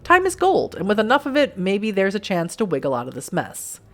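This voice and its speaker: A woman's voice: medium pitch, huge pitch swings, a little fast, faint music behind. A woman reading aloud the part of a brash, sarcastic young vampire woman who swears freely, in a visual novel game. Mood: frantic scheming. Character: sassy, sharp-tongued young vampire woman, cornered.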